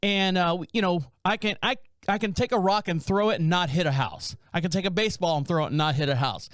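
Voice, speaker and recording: High-voiced, smooth-toned rambling male host. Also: quick pace, fairly bright tone, no room sound, studio quality. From North Carolina. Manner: rambling, self-interrupting storyteller who acts out neighbors' lines. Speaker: podcast host. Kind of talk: casual solo podcast monologue. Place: small home studio.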